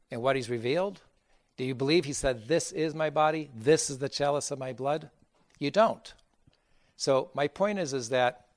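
A man's voice: mid-range voice, no echo. A man, a bishop giving a conference sermon, who talks with emphasis, asks rhetorical questions and acts out the voices he quotes.

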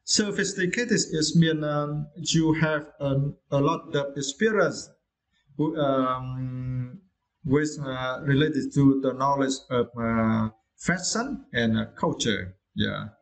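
Gravelly man teaching English, halting. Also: mid-range voice, low-quality recording. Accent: Vietnamese. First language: Vietnamese. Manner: hesitant, many "uh" pauses and "right?" checks; non-native English speaker. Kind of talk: casual vocabulary lesson.

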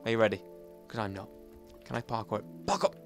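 With a fairly low pitch and lively intonation, a man races through his let's play commentary, chatting to viewers and himself. He jumps from loud bursts to soft muttering, and faint music sits in the background.

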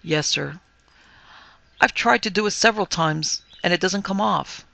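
A man's voice: high-pitched, measured pace, gravelly, sharp tone, no echo, voice pushed up, full character voice. A man voicing a timid, awkward young male ghost who speaks meekly and apologetically. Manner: meek, apologetic, subdued.

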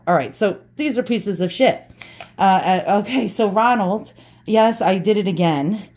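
A woman's voice: mid-range voice, normal speed, dark tone. A brash, profane woman chatting casually to viewers as she unboxes antiques, joking and swearing as she goes.

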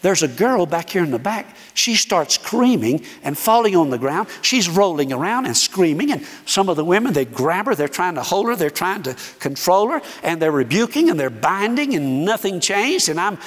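A man preaching as a guest speaker, telling a story in an animated way and acting out the dialogue. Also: high voice. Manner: animated, acts out dialogue, dramatic pauses. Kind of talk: sermon storytelling. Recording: echoey hall reverb.

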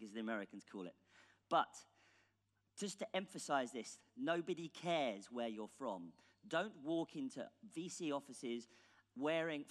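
British male keynote speaker, ironic and blunt, mid-pitched, long hall reverb. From England. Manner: ironic, blunt, casual with swearing. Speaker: conference speaker. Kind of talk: conference keynote talk. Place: large conference hall stage.

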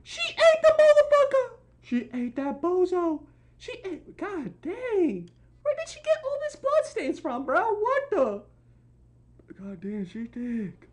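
Casting: a woman as a comedic reaction host, shrill and swinging all over, swearing and exclaiming, with a noisy mic. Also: wildly swooping pitch, a little slow. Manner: loud, incredulous, swearing and exclaiming; drops to a low voice and jumps back high for jokes. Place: at home. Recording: noisy home recording.

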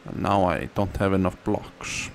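A playful man talks through his game in an unhurried, easygoing way. He drifts into a sing-song tone and sometimes squeals single words far up in his voice. A faint hiss of noise sits behind him. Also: low voice, fairly even intonation. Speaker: gamer. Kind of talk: casual gameplay commentary.

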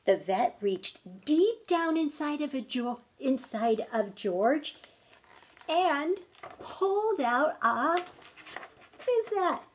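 A woman in her thirties or forties reading a picture book aloud to children, speaking gently and stopping often to ask them questions. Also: high voice, sing-song, slow, slight background noise. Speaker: storytime reader.

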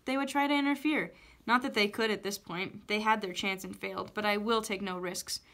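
A woman's voice: medium pitch, a little fast, a bit bright, close to an everyday voice. A woman reading as a scheming witch. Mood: haughty. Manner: coaxing, then haughty.

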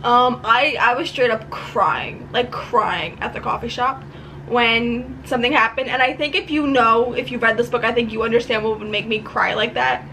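A woman's voice: on the high side, steady tone, moderate pace, bright, forceful tone, slight background noise, poor audio. A young woman from New chatting casually in a book vlog at home, rambling and gushing with frequent laughs. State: tearful. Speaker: book vlogger. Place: home room.

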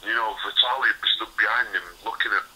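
A man's voice: lowish voice, fairly even intonation, fast, sharp tone, slightly rough, rough recording. A man, a retired boxer telling candid stories in a rambling, restarting way. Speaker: retired boxer, interview guest. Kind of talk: casual interview storytelling.

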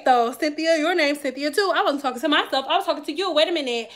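A young woman, telling a profane, animated story to her viewers. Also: sits high, quick pace, hardly any pauses. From Detroit. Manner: animated, profane, laughing as she tells it. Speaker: vlogger. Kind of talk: casual storytelling.

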